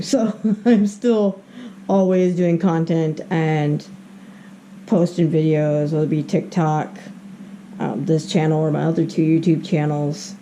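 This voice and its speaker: A woman's voice: on the low side, dark tone, slight background noise. A woman chatting candidly in a casual vlog, rambling and laughing between thoughts, filmed on a handheld camera. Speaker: vlogger.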